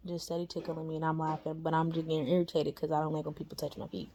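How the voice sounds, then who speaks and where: A woman's voice: deep voice, monotone, fast, darkish tone, a little hiss or hum. A young woman casually telling a personal spiritual story, chatty and slangy, full of fillers and tag questions like "right?" and "you know?". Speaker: storyteller sharing a spiritual experience.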